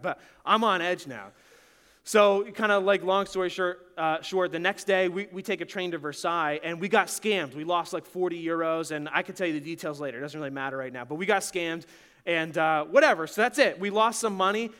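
A young man preaching a casual sermon, telling a story in a chatty, animated way with lots of "like" and frequent laughter. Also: fairly high pitch, a little fast. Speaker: pastor.

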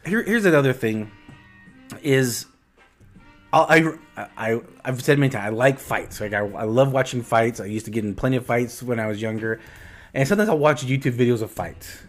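A man's voice: medium pitch, moderate pace, soft background music. Emphatic man co-hosting a podcast. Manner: emphatic, repeats words when starting a thought. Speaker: podcast co-host. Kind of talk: casual podcast chat.

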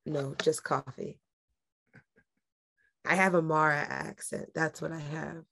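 A woman's voice: deep voice, steady tone, slow, gravelly, fairly bright tone, slight background noise. A woman from New York co-hosting a casual chat about a TV show, laughing often. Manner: giggly, easygoing, laughs often. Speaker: podcast co-host.

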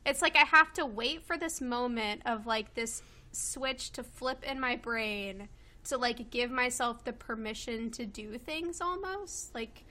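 A woman's voice: on the high side, unhurried, pushed and bright. A woman in her twenties from Kentucky, chatting casually at home as a guest, with lots of fillers and laughs. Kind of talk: casual chat. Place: home with a loud pet bird.

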